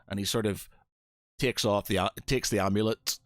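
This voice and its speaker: A man's voice: fairly low pitch, steady tone, normal speed, fairly bright tone, dry recording, studio quality. A man narrating as game master of a tabletop game, hesitant and full of fillers.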